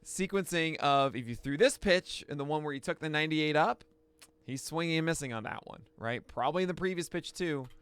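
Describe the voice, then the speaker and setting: A man hosting a pitching analysis, talking through each pitch with excitable outbursts. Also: brisk, clean tone, no room sound. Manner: excitable, bursts into shouts and laughs. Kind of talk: excited play-by-play pitch breakdown.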